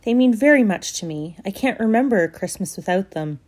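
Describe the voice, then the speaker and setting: Storybook part: polite, earnest widow with a gently pleading manner, read by a woman. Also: mid-range voice, animated, fairly quick, close to an everyday voice. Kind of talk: storybook reading.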